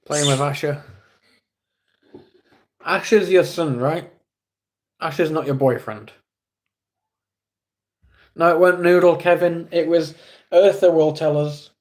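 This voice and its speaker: A man's voice: fairly high pitch, fairly even intonation, takes it slowly, long pauses, darkish tone. A man with an English accent streaming live, chatting casually with viewers in a rambling, self-deprecating way.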